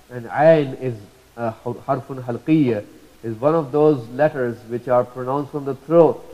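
A man teaching Quran recitation rules, patiently repeating each example slowly and drawing out the sounds. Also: mid-range voice, dark tone, lo-fi sound. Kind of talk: slow tajweed lesson.

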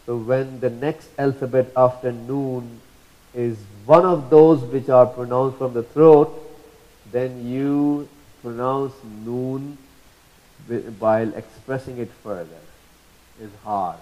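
A man teaching Quran recitation rules, patiently repeating each example slowly and drawing out the sounds. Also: medium pitch, dark tone, poor audio. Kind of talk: slow tajweed lesson.

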